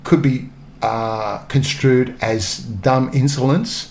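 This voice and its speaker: A man's voice: medium pitch, slow, vocal fry. An Australian man in his sixties, a former police officer, telling anecdotes in a casual interview. He chuckles often and acts out the lines other people said.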